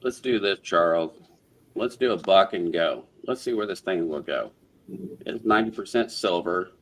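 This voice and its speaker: Deep-voiced man calling auction bids. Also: animated, fairly bright tone. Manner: brisk bid-calling auctioneer patter. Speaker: auctioneer host. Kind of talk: live coin auction stream.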